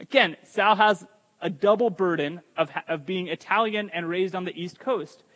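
A man preaches with a high, emphatic voice, turning to the congregation now and then with a joking aside. His words ring out with a long reverb, as if he is in a big church hall. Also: normal speed, a bit bright. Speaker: pastor. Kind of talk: sermon.

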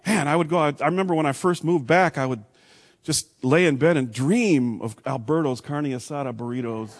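A middle-aged man from Texas, preaching a sermon with big swings from loud to hushed. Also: on the high side, moderate pace. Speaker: pastor.

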